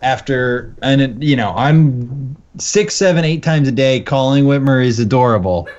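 A man's voice: medium pitch, moderate pace. A man co-hosting a comedy podcast in casual chat, telling stories animatedly and acting out the people he quotes. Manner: animated storyteller, acts out quotes. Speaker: podcast co-host. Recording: dull lo-fi sound.

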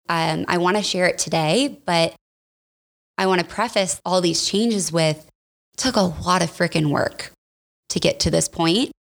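A woman's voice: fairly low pitch, vocal fry. A young woman hosting a podcast, talking candidly and casually, full of "like" and "y'all". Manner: chatty, candid, uses "like" and "y'all" a lot. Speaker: podcast host. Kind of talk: casual personal podcast talk.

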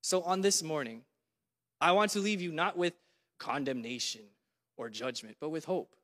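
A man preaching a sermon in a church, lively and dramatic, acting out what God says. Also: a little high, normal speed, in a large hall. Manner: animated, voices God in dramatic quotes.

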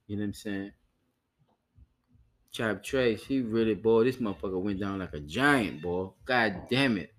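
A man's voice: on the low side, moderate pace, a bit bright. A man hosting a podcast in loose, profane casual chat, often repeating himself to listeners. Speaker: podcast host.

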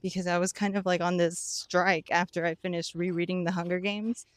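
A woman's voice: fairly low pitch, flat delivery, a little fast, dry recording. A young woman co-hosting a podcast, rambling with many "like" fillers and breaking into giggles. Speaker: podcast co-host. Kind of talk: casual chat.

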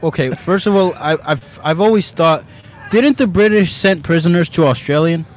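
Animated, chatty man with a raised voice. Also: fairly high pitch, moderate pace, low-quality recording. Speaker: co-host. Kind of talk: casual podcast chat.

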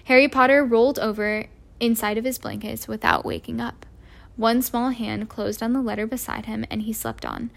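Woman reading a storybook with gravelly voice. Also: on the high side. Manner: stumbles and restarts words. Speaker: amateur audiobook reader. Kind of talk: storybook narration.

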